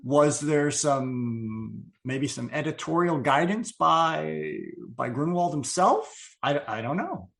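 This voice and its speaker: A man's voice: on the high side, expressive, slow, gravelly, fairly bright tone. A man co-hosting a podcast, chatting casually about comics and thinking aloud. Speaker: podcast co-host. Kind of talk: casual comic book chat.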